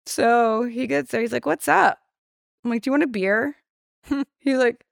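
A woman's voice: a little high, lively intonation, moderate pace, gravelly, no room sound, clean studio sound. A woman, a podcast guest telling a story casually, swearing freely and acting out the voices of the people in it. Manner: candid, profane, acts out quoted dialogue.

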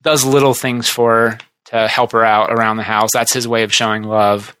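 A man hosting a podcast, chatting casually and retelling TV scenes in a rambling, animated way. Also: on the low side, moderate pace, smooth, no echo. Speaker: podcast host. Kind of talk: casual chat.

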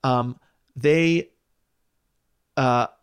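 A man's voice: mid-range voice, drawn-out words, clean tone. A man co-hosting a podcast, chatting casually as he recaps a film's plot with frequent laughs and fillers. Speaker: podcast co-host. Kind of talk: casual movie recap chat.

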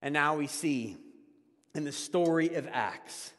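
A man preaching a conversational sermon as a pastor, laughing often and swinging between loud emphasis and hushed asides. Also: on the high side, slow pace, big-room sound.

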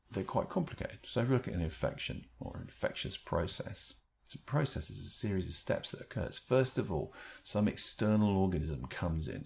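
A man giving an explanatory talk on handling stress, thoughtful, with lively rises in pitch and the odd restarted word. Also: vocal fry. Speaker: speaker explaining a stress technique.

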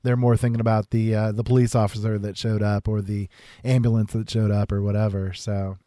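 Halting man with a mellow voice. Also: fairly low pitch, flat delivery, dry recording, clean studio sound. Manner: halting, repeats words, lots of fillers. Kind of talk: casual podcast chat.

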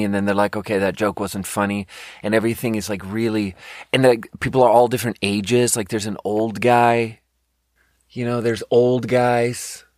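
In clean studio audio with no room sound, a podcast host, a young adult man with a fairly low voice, goes on an exasperated, profanity-laced rant. His casual talk rambles and is full of filler words.

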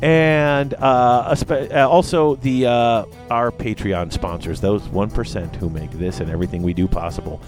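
A man's voice: medium pitch, normal speed, hardly any pauses, faint music behind. A man hosting a podcast in casual chat, rambling and correcting himself as he goes. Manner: rambling, self-correcting, animated. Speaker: podcast host.

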